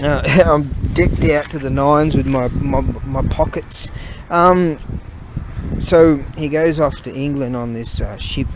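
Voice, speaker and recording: Man, slightly high voice, rambles and curses mid-story outdoors, heavy wind roar on the mic. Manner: halting, swears freely, loses his train of thought. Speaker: vlogger. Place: outdoors on a cold walk.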